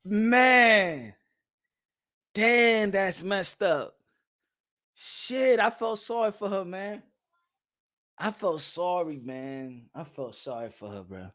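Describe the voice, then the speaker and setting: A man giving casual boxing reaction commentary, excitable and profane, laughing often and repeating himself. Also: high-pitched, slow, long pauses.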